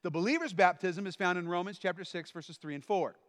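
A man preaching a sermon in a church hall, swinging between quiet explanation and loud, shouted lines. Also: sits high, a little fast. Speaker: pastor.

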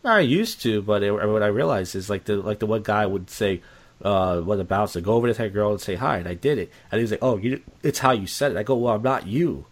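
A man's voice: fairly low pitch, animated, fairly quick. A man talking candidly in casual conversation, rambling and repeating himself, blunt and profane.

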